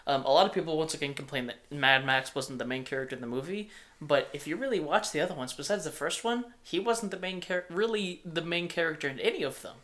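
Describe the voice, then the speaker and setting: On a laid-back movie podcast, a young man speaks quickly in a fairly high, slightly bright voice. He's the host, and he meanders along with lots of ums, fillers and false starts.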